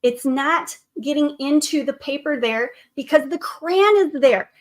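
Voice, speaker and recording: A woman's voice: high voice, expressive, measured pace. A woman art teacher leading a painting tutorial for children, upbeat and encouraging, speaking to the viewer as to her students. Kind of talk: classroom drawing tutorial.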